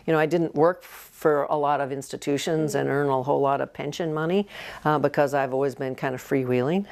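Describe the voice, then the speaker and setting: A woman's voice: sits low, fairly quick. A woman in her sixties, a nurse practitioner, telling personal stories earnestly in an interview and acting out what others said. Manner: earnest storytelling, acting out quoted voices. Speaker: nurse practitioner and health coach, guest. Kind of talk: casual interview talk.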